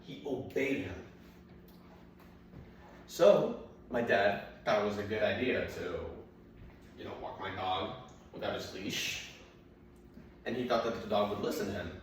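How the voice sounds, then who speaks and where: A man's voice: lowish voice, a little slow, pauses often, a little hiss or hum. A young man doing stand-up comedy, telling a rambling, profane story and acting out his dad and his dog. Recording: very echoey room, mic at a distance.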